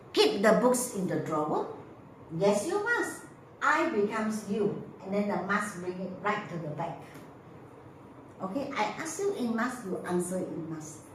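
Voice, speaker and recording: Slow woman teaching grammar. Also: medium pitch, a little hiss or hum. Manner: slow, patient, repeats drill phrases. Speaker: English teacher. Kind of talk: grammar lesson explanation. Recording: echoey room, voice from mic distance.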